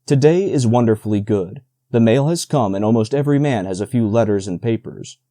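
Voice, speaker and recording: A man narrating an audiobook in a steady, even storytelling manner, close to the mic. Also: fairly low pitch, a little fast, dry recording. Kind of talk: scripted narration.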